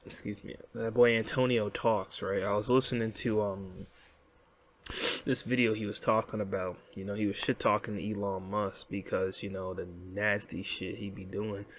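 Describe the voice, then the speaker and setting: A young American man with a fairly low, steady voice hosts a casual commentary vlog at a normal speed. He rambles, swears, and keeps checking in with "right?"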